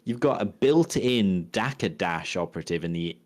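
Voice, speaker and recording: A man's voice: deep voice, animated, normal speed. A man co-hosting a casual podcast chat, working through game tactics aloud and restarting his sentences as he goes. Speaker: podcast co-host.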